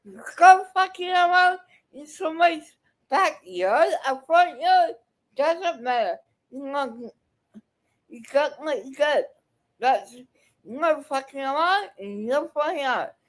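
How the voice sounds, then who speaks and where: A woman with a high voice ranting in reaction commentary, cursing and scolding the person on screen. She talks slowly and lands each jab hard, angry and heated the whole way through. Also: animated. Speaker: video commentator reacting to clips.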